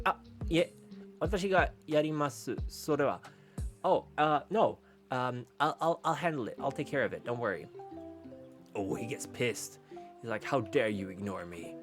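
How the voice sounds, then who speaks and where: A young man on a casual live stream, translating aloud in a halting way, full of restarts. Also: mid-range voice. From Sweden. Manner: reads lines aloud in a rough gruff tone. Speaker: VTuber streamer. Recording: faint background music.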